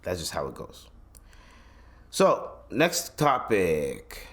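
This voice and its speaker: A man's voice: low voice, wildly swooping pitch, slow pace, a bit bright. A man hosting his own podcast, ranting bluntly with heavy swearing and slang, often restarting his sentences. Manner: profane, blunt, heated opinion talk; rambling with frequent restarts and slang. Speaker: podcast host. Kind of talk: solo podcast rant.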